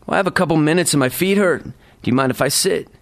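A man voicing a blunt, caring middle-aged woman nurse who talks in a brisk, no-nonsense way. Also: on the high side, vocal fry, voice pushed up.

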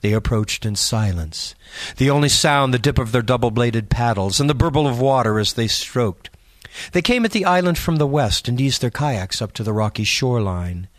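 A man narrating a spooky story in a measured, suspenseful audiobook reading. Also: medium pitch, expressive, dry recording, clean studio sound.

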